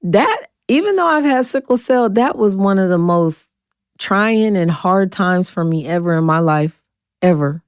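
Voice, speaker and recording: A woman in her forties, a guest telling her story bluntly and acting out the quoted voices with big jumps in pitch. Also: lively intonation, measured pace, clear, resonant tone, no echo, studio quality. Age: 40s. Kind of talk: candid storytelling interview.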